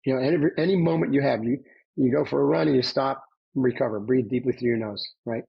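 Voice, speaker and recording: A man appears as a podcast guest, a former Navy SEAL telling his story in an emphatic coaching tone and often checking in with "right?" His voice is medium-pitched and steady but fast, creaky and slightly rough, and the audio sounds dull.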